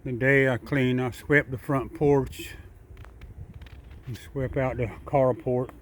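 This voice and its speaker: A man's voice: mid-range voice, little pitch movement, slow, a little hiss or hum. Older man chatting outdoors. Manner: drawling, chuckling, rambling, talks sweetly to the squirrel. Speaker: backyard vlogger feeding squirrels. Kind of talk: casual talk to animals and camera. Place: outdoors in a backyard.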